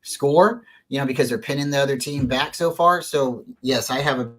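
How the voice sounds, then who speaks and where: A man's voice: medium pitch, moderate pace, fairly bright tone, poor audio. A man as a guest on a talk show, telling stories in a casual, earnest, rambling way with plenty of fillers and restarts. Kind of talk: casual storytelling interview.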